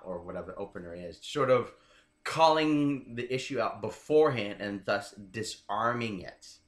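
Here a dating coach with a voice on the low side sounds animated while speaking at normal speed. As an easygoing interview guest in a roomy, reverberant space, he keeps checking in with the listener, repeatedly asking "right?"

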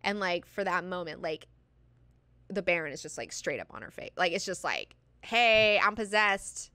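A woman's voice: lowish voice, big pitch swings, normal speed, pushed and bright, dry recording. A young adult woman hosting a book club, talking through the plot in a chatty, profane, enthusiastic way full of likes and fillers. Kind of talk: casual book discussion lesson.

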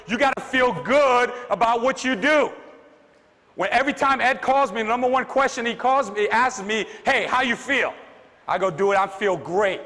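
A man's voice: high-pitched, pushed and bright. A man giving a fired-up, preachy motivational speech to a room full of people, repeating his lines for emphasis. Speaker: motivational speaker. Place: large meeting room with audience. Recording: reverberant hall.

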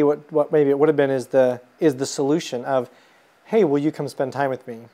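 A man's voice: medium pitch, fairly even intonation, a little fast, mellow. A man hosting an interview, affirming his guest and asking follow-up questions. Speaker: interview host. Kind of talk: conversational interview.

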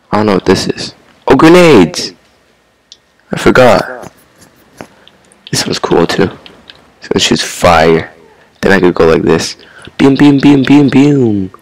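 A man's voice: on the low side, lively intonation, slow, pauses often, dry recording. A young man giving casual commentary on his first game session, repeating himself, swearing at enemies and laughing. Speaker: gamer.

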